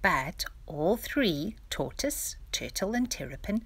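A woman reading a picture-book story aloud to young children, with a lively, expressive delivery. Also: lowish voice, takes it slowly, husky.

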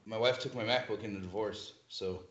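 A man's voice: lowish voice, brisk. A man telling band stories in casual talk, swearing freely and laughing often. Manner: profane, animated, laughs often. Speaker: guest musician. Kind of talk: casual storytelling. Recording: echoey lo-fi room recording.

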